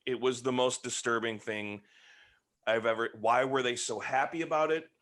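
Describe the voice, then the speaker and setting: A man hosting a podcast, reviewing a film in casual chat and telling it as an animated, joking story. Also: mid-range voice, moderate pace. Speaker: podcast host.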